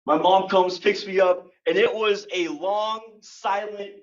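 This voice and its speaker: A young man giving a humorous personal story speech at a speaking club, animated and acting out the scenes. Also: high-pitched, measured pace. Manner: animated, acts out scenes and sound effects. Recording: dull lo-fi recording.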